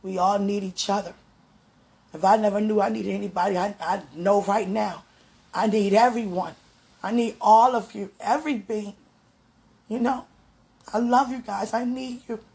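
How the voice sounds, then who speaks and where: A woman giving a fervent, emotional prayer and encouragement talk in a gravelly, sometimes hoarse voice, recorded at home. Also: medium pitch, fairly even intonation, normal speed, pauses often, darkish tone. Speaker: spiritual vlogger.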